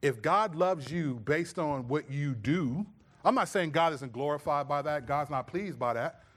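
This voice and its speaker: Pastor, middle-aged man, lively sermon delivery, a little high-pitched. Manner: animated storytelling, acts out his own scolding voice.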